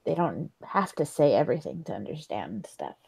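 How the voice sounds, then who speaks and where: Woman GM, low and unhurried, mellow tone, halting delivery with many fillers. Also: big pitch swings, gravelly, husky. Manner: hesitant, full of likes and ums. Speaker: game master. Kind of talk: narrating a tabletop game.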